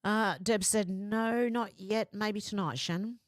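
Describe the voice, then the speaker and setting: Hosting a laid-back livestream, a woman reads out viewers' comments and chats back in a medium-pitched voice at a measured pace, laughing frequently. The sound is dry and clean, like a studio.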